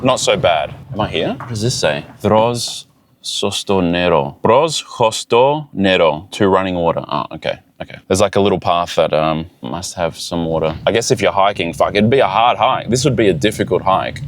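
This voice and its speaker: A man vlogging while he drives a small car up a mountain road, excited and swearing a lot as he talks to himself. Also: deep voice, moderate pace, slight background noise. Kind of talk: casual travel vlog.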